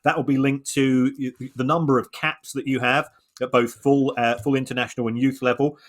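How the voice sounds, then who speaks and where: A man co-hosting a podcast, explaining points in a measured way with frequent restarts and repeated words. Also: medium pitch, level tone. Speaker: podcast co-host. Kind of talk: conversational analysis.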